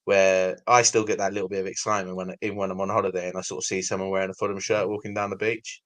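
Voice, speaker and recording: A man's voice: deep voice, little pitch movement, racing, no echo. A man in his thirties with an English accent hosting a casual interview, loose and full of "sort of" fillers. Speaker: podcast host, interviewer.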